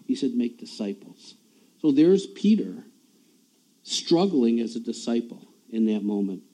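Dark-voiced male preacher, conversational. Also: medium pitch, sing-song, a little slow, low-quality recording. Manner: conversational, repeats words, chuckles at himself. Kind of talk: sermon. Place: church.

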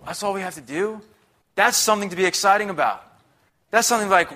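A man's voice: high-pitched, fast talker, sharp tone. A young man preaching a sermon in a chatty, upbeat, conversational way, often checking in with the congregation. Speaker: guest preacher.

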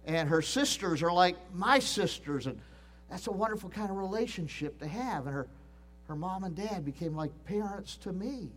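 A middle-aged man preaching a sermon, earnest and emphatic, often restarting phrases and repeating key points. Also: fairly high pitch. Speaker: pastor.

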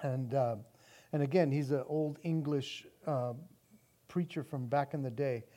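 In a medium-pitched voice with fairly even intonation and a measured pace, a male pastor gives an earnest sermon. He often restarts and repeats words, moving back and forth between quiet and emphatic stretches.

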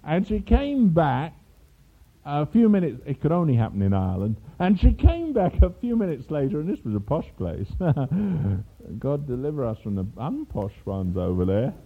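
Older English preacher on a tinny line. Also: male voice, on the high side, normal speed, slightly rough. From England. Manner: storytelling with asides and laughs, animated. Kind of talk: sermon. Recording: tinny phone-like sound.

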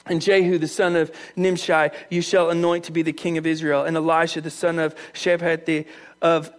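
A male preacher voicing God as a calm, commanding, fatherly deity, speaking slowly and solemnly. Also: a little high, lightly acted.

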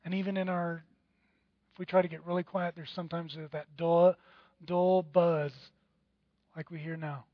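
A pastor preaches with a high, lifted voice, throwing himself into little acted-out voices of other people. The recording is dry and a bit dull, with no room sound. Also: male voice, little pitch movement, normal speed, long pauses, no echo. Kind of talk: sermon.

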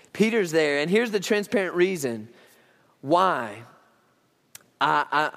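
A male pastor preaching a sermon, telling a Bible story with lively, acted-out dialogue. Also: a little high, big-room sound. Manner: animated storytelling, acting out Bible characters. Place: church sanctuary.

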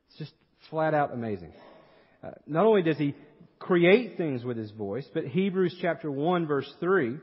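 A man's voice: a little high, husky. A middle-aged man, a pastor, preaching a sermon in an earnest way, with rhetorical questions and personal asides. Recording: dull recording with long hall reverb.

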